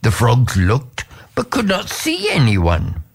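Slow, expressive storyteller man. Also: mid-range voice, slightly rough. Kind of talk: folk tale narration.

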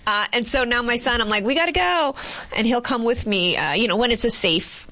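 A woman's voice: fairly high pitch, a little fast, pushed and bright. A woman from Boston, a TV news reporter, chatting as an interview guest in a rambling, storytelling way with lots of fillers. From Boston, Massachusetts. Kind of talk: casual interview chat.

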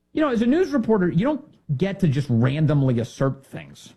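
A man's voice: a little high, very animated, a little fast, vocal fry, hardly any pauses, mellow, husky. A man hosting a political commentary show, talking in a sarcastic, mocking way and mimicking others in silly voices.

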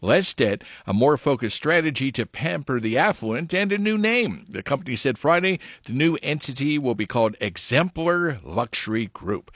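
A man's voice: mid-range voice, a bit bright, no echo, clean studio sound. A male radio host reading news and the weather in an easygoing, chatty way with light jokes. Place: radio studio.

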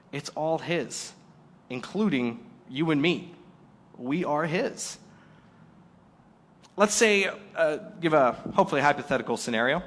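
A male pastor preaching a sermon, acting out little scenes in quoted voices and swinging between loud and quiet. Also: fairly high pitch. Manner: animated, acts out little quoted scenes with shifting loudness.

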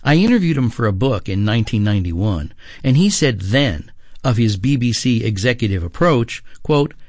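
A man, a TV critic, reading a scripted radio review in a measured way. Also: mid-range voice, big pitch swings, a little mellow, no room sound, studio quality.

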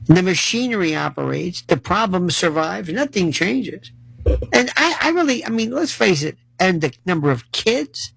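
A man's voice: fairly high pitch, gravelly, breathy edge, no echo. A man delivering a sarcastic monologue rant as a commentator, mocking and exasperated, acting out the voices of the people he criticizes. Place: New York City.

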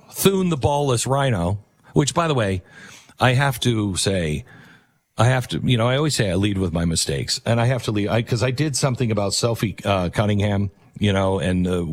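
Guy riffing jokes in a loose rambling monologue, voice jumps up and down a lot. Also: on the low side. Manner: animated, joking, rambling. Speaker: comedy host. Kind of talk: comic monologue.

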